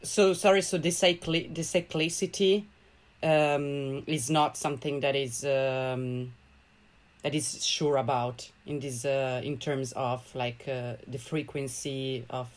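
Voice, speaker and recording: A man's voice: medium pitch, fairly even intonation, slow. A man in a conversation who asks a tentative follow-up question and trails off.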